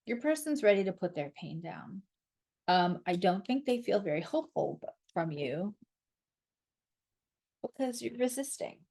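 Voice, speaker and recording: A woman's voice: mid-range voice, big pitch swings, unhurried, vocal fry, long pauses, mellow. A woman giving a casual tarot reading to camera, blunt and sarcastic, and she swears freely. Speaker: astrologer and tarot reader.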